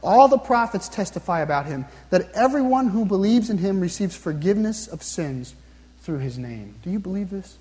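Earnest high-voiced male preacher. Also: lively intonation, darkish tone. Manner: earnest, repeats questions to the listener, slows down to read scripture. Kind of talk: sermon. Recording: long reverb, hall-like.

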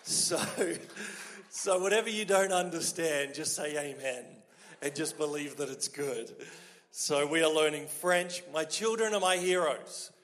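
Australian male pastor, lively and humorous sermon delivery, fairly high voice, big echoing church hall. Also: measured pace. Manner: lively, joking, conversational preaching. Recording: long hall reverb.

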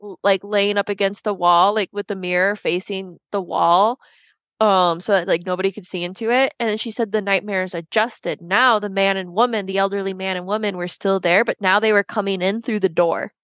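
A woman's voice: medium pitch, steady tone, moderate pace, fairly bright tone, no room sound. A woman co-hosting a podcast, telling a ghost story in casual chat, rambling with lots of fillers and swearing freely. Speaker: podcast co-host. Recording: dull lo-fi dry sound.

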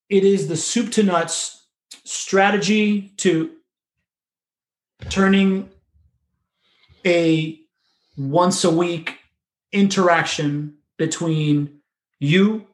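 A man in casual conversation who talks quickly and rambles through restarts, dropping the occasional swear word. His voice sits a little higher than most men's. He speaks as a business consultant. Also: fairly even intonation.

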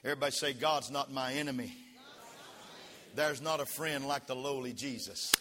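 A man preaching a sermon as pastor, leading the congregation in call-and-response and rising to shouts. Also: mid-range voice, moderate pace. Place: church sanctuary. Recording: long reverb of a church hall.

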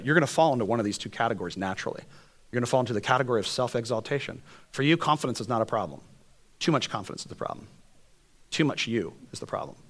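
A man preaching a sermon, telling stories in an animated, joking way and then dropping to soft, earnest tones. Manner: animated, jokey storytelling with quick shifts to soft, earnest lows. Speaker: pastor.

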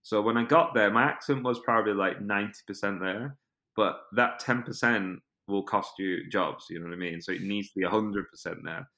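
British man in his 30s, deep and bright, rambling animated interview guest. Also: a little fast. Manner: rambling, many "like" fillers, animated storytelling. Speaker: guest actor and filmmaker. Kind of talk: casual interview chat.

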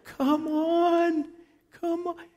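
A preacher doing a soft-hearted ex-roughneck coworker. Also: male voice, very high-pitched, little pitch movement, drawn-out words, pitched above the performer's own voice, full character voice. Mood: coaxing. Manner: coaxing, gentle. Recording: long hall reverb.

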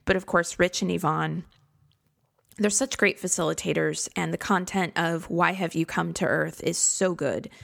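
Chatty woman with a gravelly low voice. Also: steady tone, moderate pace, fairly bright tone. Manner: chatty, reflective, self-deprecating. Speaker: podcast host. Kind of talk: casual solo podcast talk. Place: home studio in a converted garage.

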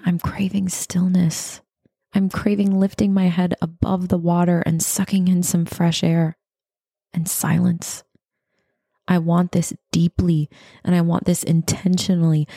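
A woman in her thirties, a podcast host reading her own reflective writing in an earnest, intimate way, slipping into breathy whispers. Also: fairly low pitch, no echo, studio quality. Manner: soft, earnest, intimate address to listeners, drifting into breathy whispers.

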